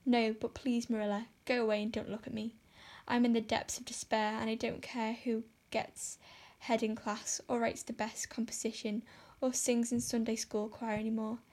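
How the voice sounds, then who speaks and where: A woman's voice: a little high, little pitch movement, moderate pace, few pauses, a little mellow, close to an everyday voice. Woman reading as melodramatic young Anne. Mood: despairing. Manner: melodramatic, pleading. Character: dramatic, despairing young orphan girl.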